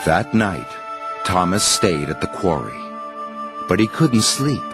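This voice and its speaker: A man narrating a children's storybook in an expressive, sing-song way. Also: low voice, takes it slowly, over music. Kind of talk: storybook reading.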